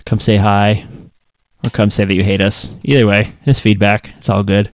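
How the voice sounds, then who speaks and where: A man co-hosting a podcast, relaxed and joking in loose casual chat. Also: fairly low pitch, moderate pace, no echo, clean studio sound. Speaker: podcast co-host.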